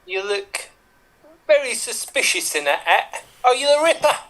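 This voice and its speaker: A man's voice: very high voice, very animated, moderate pace, fairly bright tone, full character voice. A man voicing a blunt working-class chimney sweep in an improv comedy, a little flustered. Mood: accusing.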